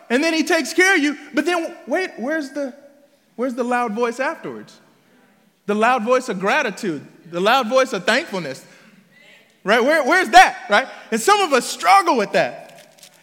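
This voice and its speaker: A man preaches with a very high, bright voice that keeps swinging up and down in pitch. He talks casually, tossing out "right?" and slang while quizzing the congregation with rhetorical questions. His words trail off into the long reverb of a church hall. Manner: slangy, drops in "bruh" and "right?". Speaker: pastor. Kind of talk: conversational sermon.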